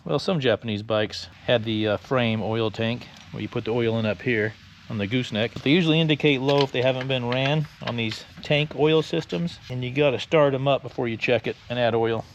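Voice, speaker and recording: A man's voice: mid-range voice, a little fast, a little hiss or hum. An older man wisecracking bluntly as he walks through a motorcycle repair in his garage, in casual how-to narration. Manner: wisecracking, blunt, explains as he works. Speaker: motorcycle restorer.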